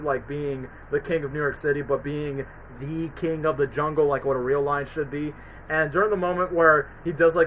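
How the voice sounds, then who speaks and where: A man streaming, chatting casually and rambling excitedly in slangy, loose sentences. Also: a little high, poor audio. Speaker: streamer reviewing movies. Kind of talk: casual livestream chat.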